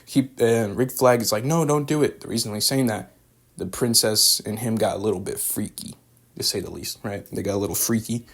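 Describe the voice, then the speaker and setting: A man's voice: lowish voice, steady tone, a little fast, slightly rough. A young man recapping and reviewing a show in a loose, rambling way, full of fillers and slang. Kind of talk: casual spoken recap and review.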